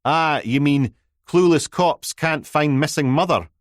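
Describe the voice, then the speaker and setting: Man doing a smug sarcastic reporter guy in an audiobook, kinda higher voice, teasing, dry close mic. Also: normal speed, no room sound, lightly acted. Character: smug, needling male newspaper reporter.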